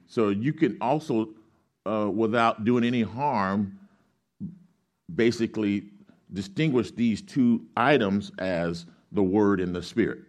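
A man with a low, steady voice preaching to his congregation. He reads scripture and then works through it like a teacher. He keeps asking questions for the crowd to answer back. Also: takes it slowly. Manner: reads scripture aloud, explains Greek grammar. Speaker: pastor. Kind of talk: sermon with call-and-response.

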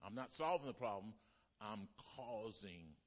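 Male pastor, sermon delivery, call-and-response, drops from emphatic to near-hushed; long hall reverb. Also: fairly low pitch, expressive, a little slow.

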